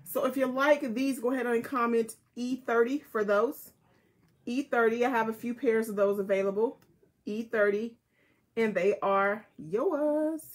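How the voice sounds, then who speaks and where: A woman's voice: a little high, steady tone, moderate pace. A woman hosting a casual live jewelry sale, chatting with viewers and repeating item codes. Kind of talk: casual live selling chat.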